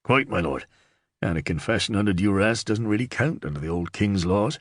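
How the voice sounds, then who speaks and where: A man doing a gruff, wily old sergeant. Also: lowish voice, animated, a little fast, dry recording, studio quality. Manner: gruff, sardonic. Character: wily weather-beaten older male sergeant, gruff.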